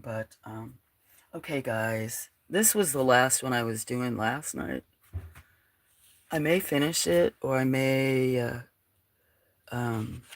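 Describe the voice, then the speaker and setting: A woman with a croaky, frog-like voice hosting a casual livestream, rambling, laughing often and reading out her chat. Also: very deep voice. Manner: chatty, rambling, laughs often, drops to a near whisper at times. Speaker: livestream host.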